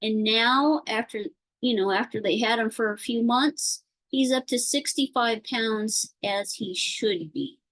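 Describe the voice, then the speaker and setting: A woman talks slowly and a little high over a video call connection. Her speech wanders and stalls on fillers and restarts as she tells her story in casual chat. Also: a bit bright, rough recording. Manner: rambling, halting, with many fillers. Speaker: participant sharing a concern.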